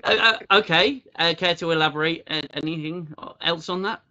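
A man's voice: a little high, brisk, sharp tone, muffled recording. A British man hosting a casual livestream chat, mocking what he reads aloud and laughing often. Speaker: host.

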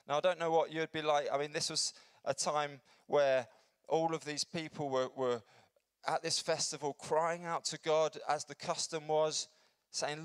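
Earnest man preaching with a smooth voice. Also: fairly even intonation, normal speed, no echo. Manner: earnest, builds up then drops to a soft low voice. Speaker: pastor. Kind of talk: sermon. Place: church.

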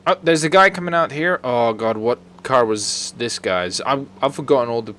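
A man's voice: mid-range voice, normal speed, a bit bright, a little hiss or hum. A man giving comedic let's-play commentary as a gaming video host, joking crudely, swearing freely and chatting to the game's characters. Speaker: gaming YouTuber.

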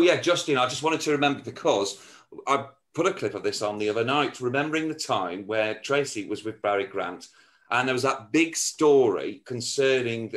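A man's voice: mid-range voice, fairly bright tone. A male interviewer asking questions in a chatty, eager way.

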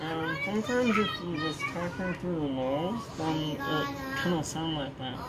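A man, the host's husband, chatting casually in a teasing, playful way over loud crowd noise. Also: fairly high pitch, normal speed. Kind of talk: casual chat.

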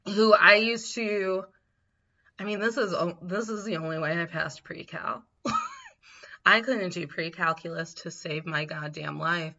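A woman co-hosting a podcast tells stories in a lively, casual way, often breaking into laughter and acting out what people said. Her voice is bright and forward, captured on a slightly dull, lo-fi recording. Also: fairly low pitch, a little slow. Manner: animated, laughs often, acts out quotes. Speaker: podcast co-host. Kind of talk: casual storytelling chat.

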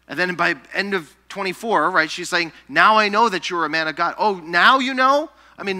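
A man preaching a sermon in a very bright, forceful voice that sits a little high. He tells scripture stories with animation, gives the people in them their own voices, and turns hushed and slow when he reads the verses. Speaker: pastor. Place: church sanctuary.

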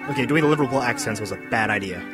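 A man taking part in a group station ID, joking in a rushed, sheepish way. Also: mid-range voice, loud music behind the voice.

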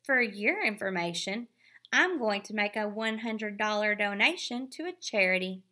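A woman reading aloud, voicing a proud, quick-tempered young girl with a snappy, boastful manner. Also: mid-range voice, expressive, bright, forceful tone.

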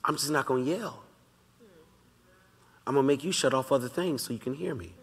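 A pastor teaching a Bible study in a relaxed, conversational way, talking straight to the congregation and slowly repeating his key lines. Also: medium pitch. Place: church sanctuary. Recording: long reverb of a large church hall.

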